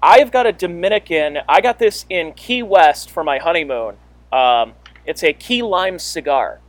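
Man, podcast host, high voice, dry close sound, easygoing chat. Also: expressive, a little slow, no room sound. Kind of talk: casual podcast interview.

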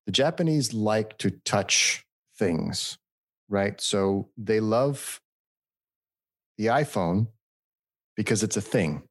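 Low-ish american guy chatting, tells stories and does little voice impressions. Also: takes it slowly, pauses often, no echo, studio quality. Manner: animated storyteller, mimics voices in anecdotes. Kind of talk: casual chat.

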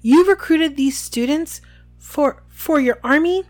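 A woman reading aloud and voicing a pompous, gloating male minister who keeps bursting out in excitement. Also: slow, faint music behind. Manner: loud excited outbursts, high and pushed.

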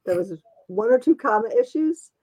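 A woman's voice: fairly high pitch, animated, moderate pace, warm tone, breathy edge. A woman author chatting casually, talkative and self-deprecating, laughing often. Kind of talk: casual chat.

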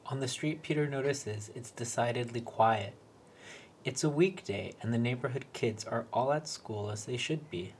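A man's voice: mid-range voice, slight background noise. Wry man reading a story. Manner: wry, deadpan, sweary. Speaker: reader. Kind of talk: reading a short story aloud.

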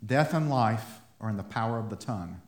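Brisk and expressive, this lowish-voiced pastor delivers his sermon like a conversation, voicing little quotations along the way. He works up to passionate emphasis, and the room around him echoes.

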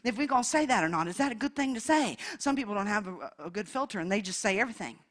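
A woman in her sixties preaching a Pentecostal sermon, fervent, calling out hallelujahs and swinging from loud exclamations to hushed storytelling. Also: medium pitch, lively intonation, quick pace. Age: 60s.

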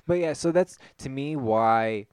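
A man's voice: medium pitch, lively intonation, a little slow, a little mellow, clean tone, dry recording, clean studio sound. A man in a casual movie discussion, explaining his view at length and analytically.

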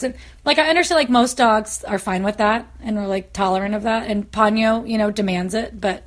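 A woman hosting a podcast, chatting casually and telling lively stories full of quoted voices. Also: fairly high pitch, a little fast. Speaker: podcast host. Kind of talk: casual chat.

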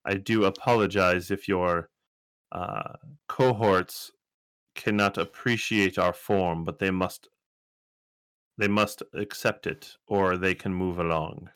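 A man's voice: low voice, steady tone, a bit bright, smooth, no echo, voice pushed down. A man doing a stern lizard-folk overseer with a put-on accent. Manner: slow, formal speech with a put-on accent.

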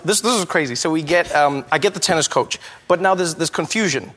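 Brief: high-pitched man doing stand-up storytelling, lively, echoey hall with faint noise. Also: fairly quick. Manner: animated, acts out dialogue. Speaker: comedian.

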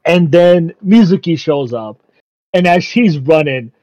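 Excitable high-pitched male podcaster, laughs through his recaps, curses, dull lo-fi audio. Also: unhurried, no echo. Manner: excitable, laughs constantly while retelling; swears casually. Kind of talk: casual chat recapping an anime episode. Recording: dull lo-fi sound.

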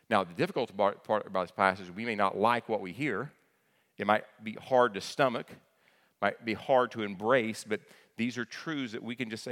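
A man's voice: fairly low pitch, a little fast, a bit bright. A man preaching a sermon as pastor, conversational and plain-spoken, often repeating key phrases for emphasis. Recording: long hall reverb.

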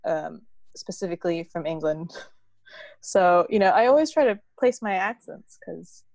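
A woman's voice: fairly low pitch, expressive, moderate pace, vocal fry, a little mellow, no echo. Chatty laughing woman, dry sound. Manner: chatty, laughing, lots of fillers and restarts. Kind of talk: casual chat.

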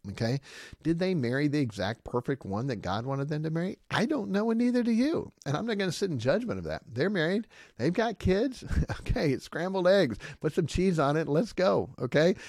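In a fairly high, brisk voice, a pastor hosts a podcast with emphatic energy, asking "okay?" often and acting out what others say in vivid voices. The studio sound is clean, with no room sound.

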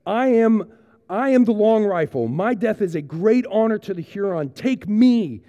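Defiant young captive woman, voiced by a man, raised urgent voice, high and loud, long hall reverb. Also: lively intonation, measured pace, muffled recording.

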